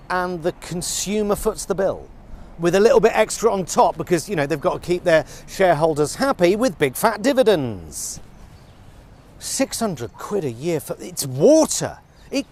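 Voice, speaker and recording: A man's voice: high-pitched, darkish tone. A man playing an exasperated TV news reporter who rants angrily and swears in a comedy sketch. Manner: angry sweary rant. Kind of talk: comedy rant.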